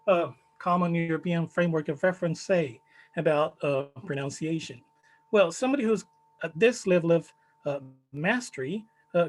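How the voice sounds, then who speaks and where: A man with a Chilean Spanish accent presenting his study in a conference talk, measured and full of fillers. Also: high-pitched, low-quality recording. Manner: measured, many fillers, stresses key words.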